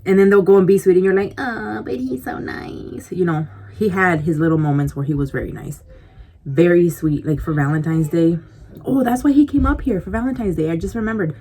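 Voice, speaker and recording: A woman's voice: on the low side, a little fast, mellow, slightly rough. A woman vlogger telling a casual story to the camera, rambling and chatty, full of "like" and "you know," confiding in her viewers as she snacks. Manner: confiding, speaks directly to viewers. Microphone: compact camera mic.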